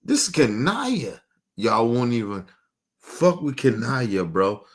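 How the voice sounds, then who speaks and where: Very animated but slow, a stream host rants with heat and profanity on a casual broadcast. He repeats himself, veering from loud bursts down to low mutters.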